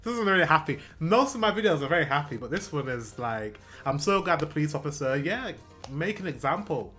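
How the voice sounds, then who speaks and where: A man's voice: a little high, lively intonation, a little fast, fairly bright tone, soft background music. A British man hosting a reaction video, talking earnestly and repeating himself when he gets emotional. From Britain. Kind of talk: casual reaction commentary.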